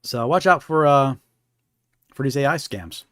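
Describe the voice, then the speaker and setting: A man's voice: mid-range voice, lively intonation, a little slow, fairly bright tone, dry recording, studio quality. A man hosting a live stream about scams, talking in a conversational way and often checking in with "right?". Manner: conversational, keeps asking "right?". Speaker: host. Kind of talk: live-stream scam awareness talk.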